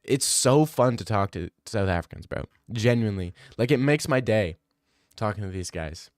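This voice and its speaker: A man's voice: lowish voice, animated, normal speed, no echo, clean studio sound. A young man streaming, reading live comments in joking, rambling casual chat.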